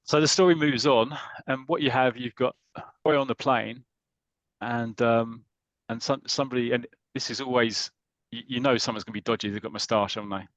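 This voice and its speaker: A British man in casual podcast chat, walking through a football comic story with plenty of ums and restarts and slipping into voices for the characters. His voice sits at an ordinary middle pitch and the sound is dry and close. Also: fairly even intonation, a little fast, a bit bright, no echo, dull audio. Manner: chatty, hesitant with many ums and restarts, slips into voices for the characters.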